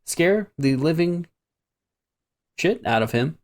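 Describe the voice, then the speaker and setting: A man's voice: medium pitch, lively intonation, a little slow, long pauses. A man hosting a podcast, talking bluntly and crudely in casual chat.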